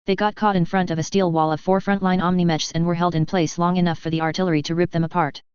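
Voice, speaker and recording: A man's voice: high-pitched, little pitch movement, fast talker, smooth, dry recording, lightly acted. A narrator voicing a brash, sardonic male mercenary commander in a spoken fan story, with a dull, lo-fi sound. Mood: cocky. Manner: cocky and sardonic. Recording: dull lo-fi dry audio.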